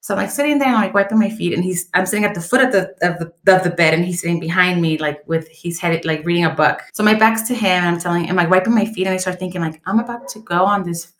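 A woman's voice: fairly low pitch, fast, few pauses. Woman telling an emotional story, echoey room. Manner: emotional storytelling, many restarts. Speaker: podcast co-host. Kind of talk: casual chat. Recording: roomy echo.

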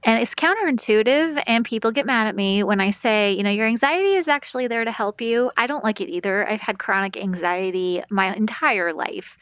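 A woman's voice: medium pitch, brisk, hardly any pauses, a bit bright, clean tone, no echo, highs cut off. A woman guest on a parenting talk show, explaining anxiety and grief to a host with metaphors and quoted self-talk. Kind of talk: conversational podcast advice.

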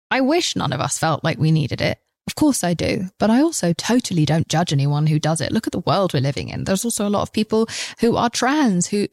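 A woman's voice: on the low side, darkish tone, no room sound, studio quality. Frank, sweary woman podcast host. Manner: frank and passionate, swears freely. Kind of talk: casual monologue.

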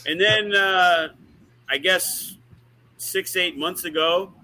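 A man's voice: high-pitched, takes it slowly, sharp tone, poor audio. A man who is a wrestling promoter, telling rambling, profane stories in a casual podcast chat. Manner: profane, rambling, uses lots of fillers.

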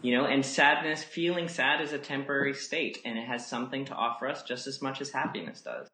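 Bright-voiced man musing on yoga. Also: mid-range voice, fairly quick, reverberant, a little hiss or hum. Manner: gentle, musing, many fillers like "you know". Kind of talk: reflective casual conversation.

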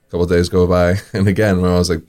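A deep-voiced man tells his story in a relaxed, chatty way. He chuckles as he goes and leans on fillers like "you know" and "uh." He speaks as a guest in a casual interview. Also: racing. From New York area. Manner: lively storyteller, chuckles often, many fillers.

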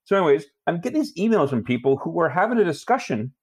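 A man's voice: on the high side, very animated, fast talker, husky. A man co-hosting a podcast, telling a story in rambling casual chat and laughing often. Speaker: podcast co-host.

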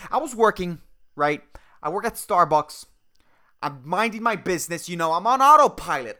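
A young man hosting a podcast, delivering a profane, exasperated comedic rant. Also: a bit bright. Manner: exasperated, sweary, swings between low mutters and high outbursts. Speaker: podcast host.

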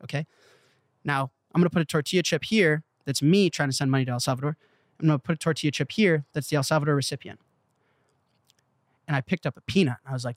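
A young man, a startup founder being interviewed, telling a story in an animated way and swearing freely. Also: on the high side, fast talker. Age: young adult. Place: studio in Malibu.

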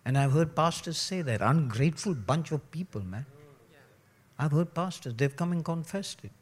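A man preaching a sermon, joking and mimicking people, then dropping to a low, earnest tone. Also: animated, normal speed, breathy edge. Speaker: pastor.

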